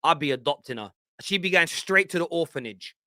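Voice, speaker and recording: A man in his forties with a London accent, hosting a football fan show with animated, blunt banter. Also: a little high, fairly quick, dry recording, studio quality. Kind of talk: live chat show rant.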